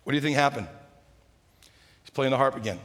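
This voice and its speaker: A man preaching a sermon, retelling a story with lively humor and acting out its characters. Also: medium pitch, fairly quick. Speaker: pastor. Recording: hall reverb.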